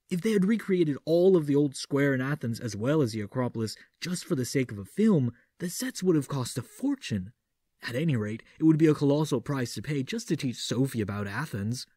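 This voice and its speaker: A man's voice: on the high side, dark tone, no echo, studio quality. Man reading in a classic horror-film impression. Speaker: audiobook narrator. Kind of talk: audiobook reading doing a Vincent Price impression.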